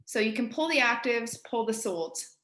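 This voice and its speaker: A woman with an East Coast Canadian accent, a real estate agent giving colleagues a casual, direct software tutorial. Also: fairly high pitch, lively intonation, moderate pace, reverberant. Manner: chatty, direct, addresses listeners as guys.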